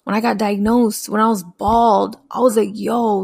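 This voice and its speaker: A woman's voice: fairly high pitch, steady tone, normal speed, gravelly, a little mellow. A young adult woman telling her own story candidly and bluntly, with profanity and acted-out quotes. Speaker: speaker sharing her story.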